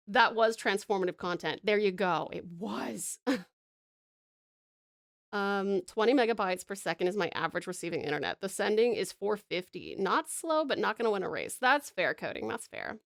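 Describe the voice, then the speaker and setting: A woman's voice: mid-range voice, gravelly, dry recording, studio quality. A woman in her thirties, a streamer chatting with viewers while she draws, rambling and giggling with lots of fillers. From Tasmania, Australia. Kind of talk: casual chat with viewers while drawing.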